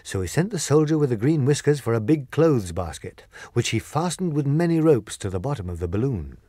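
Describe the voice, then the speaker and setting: A man narrating a classic children's story as an audiobook reader, expressive and clear. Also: medium pitch, brisk, no room sound, studio quality. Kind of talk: storybook reading.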